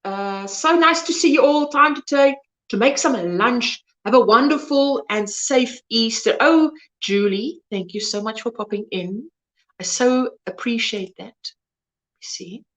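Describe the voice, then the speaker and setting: A woman's voice: on the high side, measured pace, fairly bright tone. A South African woman, native Afrikaans speaker, hosting a crochet livestream, chatting casually and rambling as she reads out viewer comments. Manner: chatty, rambling, loses words mid-sentence.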